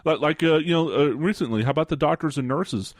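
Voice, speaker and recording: Fast-talking, stammering male co-host. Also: fairly high pitch, dry recording, studio quality. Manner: halting, stammering, quick. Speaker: radio show co-host. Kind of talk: casual radio talk.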